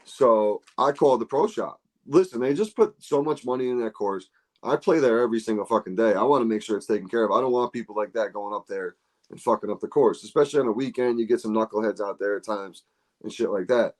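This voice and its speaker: In a fairly low voice and at a quick pace, the host of a golf podcast chats casually and tells stories. He's animated and doesn't hesitate to swear.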